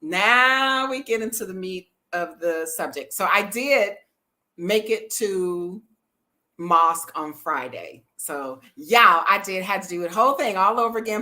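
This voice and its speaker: A middle-aged woman, chatting to viewers in a lively storytelling vlog and laughing often. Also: medium pitch. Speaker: travel vlogger.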